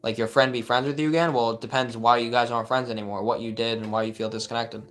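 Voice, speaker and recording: A man's voice: medium pitch, little pitch movement, quick pace, a bit bright. A man working as a life coach, talking casually and earnestly on a live advice stream as he answers chat questions, often saying "like" and restarting his sentences.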